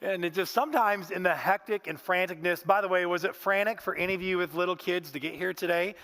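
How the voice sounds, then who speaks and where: A man's voice: sits high, quick pace, a bit bright. A man preaching a sermon in a church, telling stories in a folksy way and often saying "man". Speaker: pastor. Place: church sanctuary.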